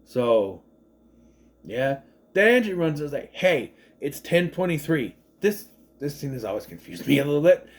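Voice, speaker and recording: A chatty man in his thirties rambles through a casual movie recap. His voice sits a bit high and swings up and down a lot as he acts out lines from the film. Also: big pitch swings, moderate pace. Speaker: movie reviewer.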